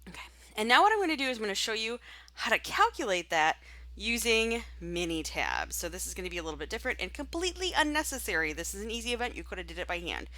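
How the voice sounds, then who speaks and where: Bright-voiced woman teaching stats software. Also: medium pitch, very animated, fast, no room sound. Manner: chatty, thinks aloud while clicking. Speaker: statistics instructor. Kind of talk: screen-recorded software tutorial.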